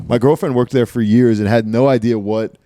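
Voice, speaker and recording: A man's voice: mid-range voice, fairly even intonation, a little fast, dark tone, slight background noise. A young man from Kansas, a guest on a podcast, chatting casually and joking with a lot of laughter. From Kansas, USA. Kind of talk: casual chat. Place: podcast studio.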